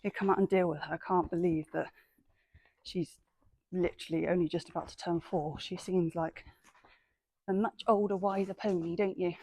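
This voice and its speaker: A woman's voice: fairly low pitch, steady tone, normal speed, no echo. A woman chatting outdoors while working her young horse, praising it often and slightly out of breath. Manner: chatty, praising the horse in a bright sing-song. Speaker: horse owner vlogger. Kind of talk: casual chat while training a horse.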